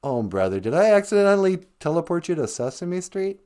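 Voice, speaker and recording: A man voicing a low, easygoing man on a call in a comedy sketch, apologetic and gentle, calling her sweetie. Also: sing-song, fairly quick.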